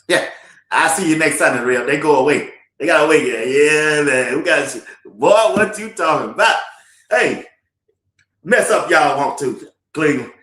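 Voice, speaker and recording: A man hosts a casual sports talk livestream, joking around and laughing often. His voice sits a bit high and jumps up and down with lively energy. The room around him gives his voice a noticeable echo. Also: unhurried, pauses often. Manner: folksy slang, church talk. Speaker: sports talk show host.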